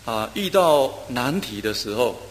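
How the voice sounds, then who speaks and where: A man preaching a sermon in short phrases, pausing for an interpreter, with steady delivery and frequent filler sounds. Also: medium pitch, a little hiss or hum. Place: church hall. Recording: reverberant hall, faint ambience.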